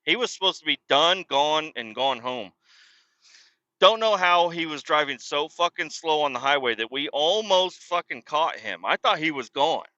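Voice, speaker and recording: A man's voice: fairly high pitch, lively intonation, moderate pace, pushed and bright, dry recording. A man hosting a podcast, telling a rambling, profane story about his day in casual talk. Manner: profane, rambling, swears constantly. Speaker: podcast host. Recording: dull lo-fi, dry.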